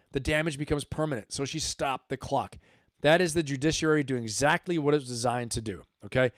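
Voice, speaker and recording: A man's voice: a little high, no echo, clean studio sound. A man hosting a livestream, giving emphatic commentary and repeating his points for stress. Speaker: host.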